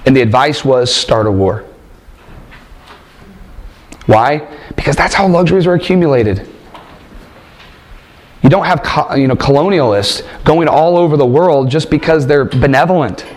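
A man's voice: fairly high pitch, animated, moderate pace, long pauses. A man preaching a sermon and reading scripture, emphatic, asking rhetorical questions and repeating phrases for stress.

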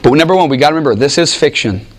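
A man teaching a Bible class in an animated, informal way, restarting sentences often and acting out what people say. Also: a little high, very fast. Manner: animated, with frequent restarts and acted-out quotes. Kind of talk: informal teaching talk with anecdotes.

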